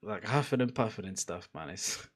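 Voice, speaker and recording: A young man streams a football watchalong, reacting live in a casual, chatty way, laughing, swearing and urging the players on. His voice is lowish and expressive, at a normal speed.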